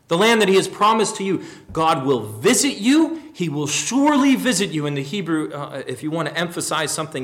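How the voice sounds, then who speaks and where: Guy preaching a sermon, kinda high voice, gets loud then goes real quiet. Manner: swings from loud emphatic questions to quiet low musing. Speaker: pastor.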